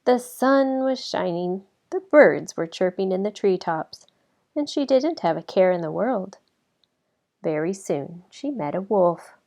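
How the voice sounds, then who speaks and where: A woman reading a children's storybook aloud as narrator, in an expressive way that slows down for effect. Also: medium pitch. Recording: slightly dull lo-fi recording.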